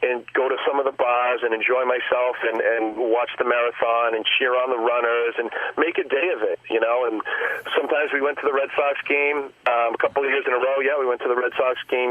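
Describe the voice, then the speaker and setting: A man's voice: mid-range voice, steady tone, brisk, no room sound. A man from the Boston area with a Boston accent, a guest friend talking casually and describing things enthusiastically. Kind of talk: casual phone chat. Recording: tinny dry phone line.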